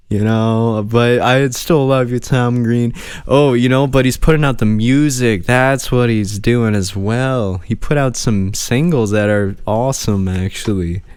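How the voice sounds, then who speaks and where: Slow-talking man rambling on his podcast. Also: mid-range voice, darkish tone, smooth, dry recording, studio quality. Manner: rambling and chatty, talking to the camera. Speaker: podcast host. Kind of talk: casual solo podcast chat. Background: music playing.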